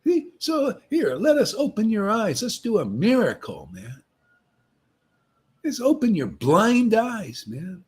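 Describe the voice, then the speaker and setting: Addressing a devotee meetup, a man delivers impassioned street-style preaching, taunting and confrontational, often closing phrases with "man" and "see?". His voice sits high and sounds a little mellow and slightly rough.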